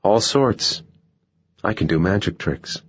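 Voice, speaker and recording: A man's voice: on the low side, animated, slow pace, slightly rough, highs cut off, voice pushed up, full character voice. A man reading a dry, cool assassin.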